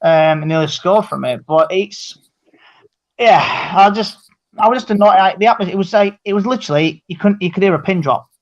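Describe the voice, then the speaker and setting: A man's voice: sits high, fairly quick, muffled recording. A man chatting casually on a football fan show, rambling and restarting his sentences. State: tired.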